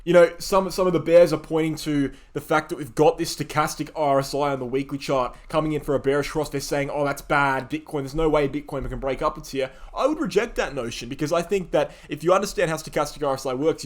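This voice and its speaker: A man giving emphatic market chart analysis, pressing his points and often checking in with "right?". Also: a little high.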